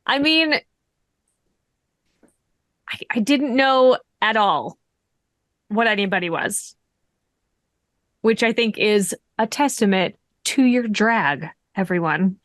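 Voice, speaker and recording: A woman's voice: medium pitch, expressive, slow, pauses often, fairly bright tone, no echo, clean studio sound. A woman hosting as game master of a streamed tabletop game, chatting in a bubbly way and laughing often. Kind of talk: casual chat at the end of a streamed tabletop game.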